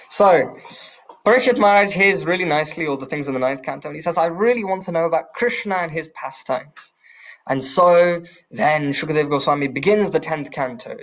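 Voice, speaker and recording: A man teaching a scripture class with a fairly high voice. He retells the story with animated swings in pitch and asks the room questions as he goes.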